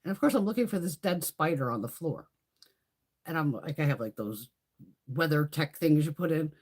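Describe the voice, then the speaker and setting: Husky, foul-mouthed woman telling a story. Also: sits low, normal speed. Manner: profane, animated storytelling with frequent laughs. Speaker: beauty vlogger. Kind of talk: casual live-stream chat.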